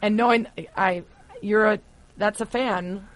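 A chatty, expressive host runs a casual interview. The voice has a middling pitch. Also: a little slow. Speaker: podcast host.

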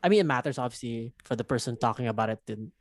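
A man co-hosting a casual podcast, talking in loose, rambling bursts full of fillers and restarts. His voice sits in an ordinary middle pitch. The sound is dry and close, with no room around it. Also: racing, no room sound. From Philippines. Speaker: podcast co-host. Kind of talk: casual chat.

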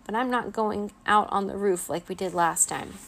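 A woman's voice: mid-range voice, moderate pace, creaky, a bit bright, slight background noise. A woman voicing a nervous, eager nine-year-old boy vampire in a children's storybook reading. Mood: flustered.

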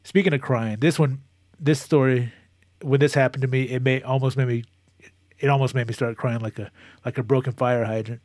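A man chatting casually as a co-host, telling a long, animated story with many restarts and moments of emotion. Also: mid-range voice, fairly quick, no echo, studio quality. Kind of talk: casual chat.

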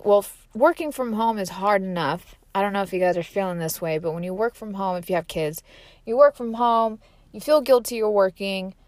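A woman's voice: medium pitch, a little mellow, no room sound. Candid, rambling woman with a dry sound. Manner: candid and rambling, many fillers like "like" and "right?". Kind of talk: casual motivational monologue.

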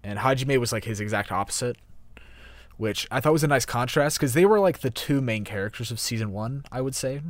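A man's voice: mid-range voice, animated, fairly quick, dry recording. A young man chatting casually about an anime, easygoing and hesitant, with many fillers. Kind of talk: casual anime review chat.

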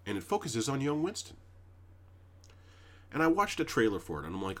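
A man's voice: medium pitch, huge pitch swings, fairly quick, pauses often. A man co-hosting a podcast, talking casually, emphatic and heavy on swearing. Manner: profane, emphatic, with frequent fillers. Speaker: podcast co-host. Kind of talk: casual chat.

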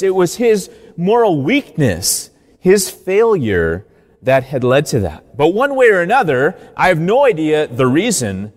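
A man's voice: on the high side, big-room sound. A man, a Catholic priest, giving a sermon in a conversational storytelling way.

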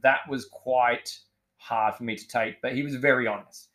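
A man's voice: mid-range voice, steady tone, moderate pace, fairly bright tone. A man in his forties, a chef guest on a podcast, telling his story in a frank, emotionally open way, swearing freely. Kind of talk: candid conversational storytelling.

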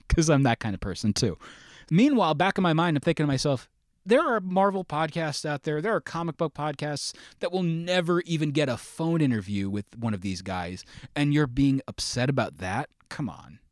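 A young adult man, a podcast guest, telling a lively, self-mocking story and acting out the lines of the people in it. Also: a little high, moderate pace, dry recording, clean studio sound. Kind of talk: animated anecdote telling.

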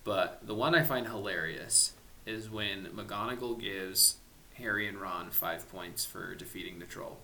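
A man's voice: sits low, measured pace, creaky, bright, forceful tone, slight background noise, low-quality recording. A man hosting a casual podcast chat, leading the discussion and poking fun at himself. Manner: self-deprecating, leads the discussion. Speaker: podcast host.

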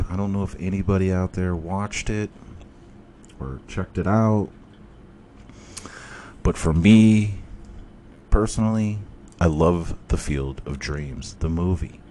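A man's voice: low voice, slight background noise. A man hosting a casual solo sports podcast, ranting and storytelling with heavy swearing. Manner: profane, rambling, animated storytelling. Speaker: podcast host.

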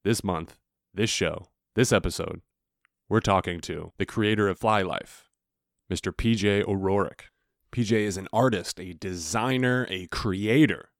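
A man's voice: sits low, unhurried, no echo, clean studio sound. A young man hosting a podcast, telling a casual, laughing story full of swearing. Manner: laughing, animated storytelling with profanity. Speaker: podcast host.

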